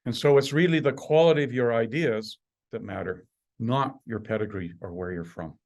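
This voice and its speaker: A man in his sixties from Canada, a university administrator giving an alumni talk with wry humor and lively emphasis. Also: medium pitch, normal speed, creaky. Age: 60s. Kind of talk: prepared talk.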